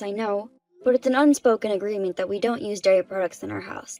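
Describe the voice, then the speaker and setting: Woman as a wronged wife, mid-pitched, plain delivery, faint music under. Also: fairly quick, warm tone, no echo, low-quality recording. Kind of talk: dubbed story drama narration.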